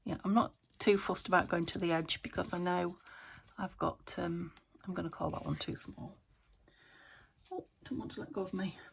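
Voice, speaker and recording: A woman's voice: lowish voice, fairly even intonation, moderate pace, creaky, slight background noise. A woman from the UK chatting casually to herself while crafting at home, often dropping to a whisper. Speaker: craft vlogger. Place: home craft room by a window.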